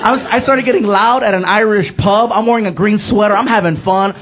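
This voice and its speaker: A man performing a stand-up comedy routine, loud and animated, shouting punchlines and laughing along. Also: high-pitched, fairly quick, hardly any pauses. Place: comedy club stage with laughing audience. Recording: live show with crowd noise. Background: audience laughter.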